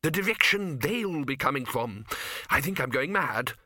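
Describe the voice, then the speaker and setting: A man's voice: mid-range voice, expressive, moderate pace, bright, forceful tone, no room sound, studio quality. A man voicing a nervous, whimpering male wizard bursar in an audiobook. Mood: panicky. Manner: whimpering, panicky.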